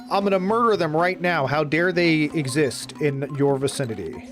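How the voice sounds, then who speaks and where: A man's voice: a little high, expressive, moderate pace. Jokey man streaming a game. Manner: jokey, sarcastic asides, reads game dialogue in a mock-serious voice. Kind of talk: casual let's-play commentary reading game text aloud. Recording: faint background game music.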